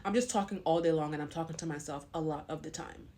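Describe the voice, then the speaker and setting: A woman's voice: sits low, quick pace, dark tone. Blunt, chatty woman vlogger. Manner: blunt and frank; long-winded and talkative. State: pregnant. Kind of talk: casual talk to camera.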